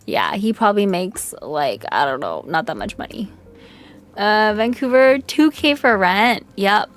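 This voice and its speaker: A woman's voice: medium pitch, very animated, measured pace. A woman streaming as a VTuber in casual, blunt chat, from Canada and filling her talk with "like" and "right?". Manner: blunt, chatty, filler-heavy with frequent "like" and "right?". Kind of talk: casual livestream chat reading viewer comments.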